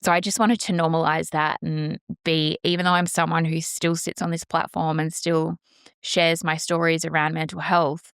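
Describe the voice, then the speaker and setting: A woman with a fairly low voice hosts a solo podcast, speaking earnestly and with emphatic passion. Her voice is recorded close and dry, with no room sound around it. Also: level tone, normal speed, gravelly, a bit bright, smooth, no room sound. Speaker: podcast host. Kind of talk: candid solo podcast monologue.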